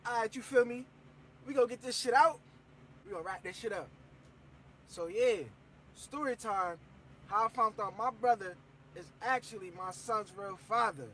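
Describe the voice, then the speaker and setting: High-voiced young man telling a story. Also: moderate pace, pauses often, a little hiss or hum, rough recording. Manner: animated, slangy, acts out quoted voices. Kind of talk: casual story time to camera.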